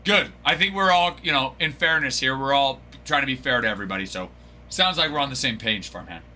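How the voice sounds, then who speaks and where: Bright-voiced jokey stream host, man. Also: mid-range voice, expressive, fairly quick, a little hiss or hum. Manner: joking, laughs often, answers viewers by name. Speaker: card break livestream host. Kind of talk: casual livestream chat.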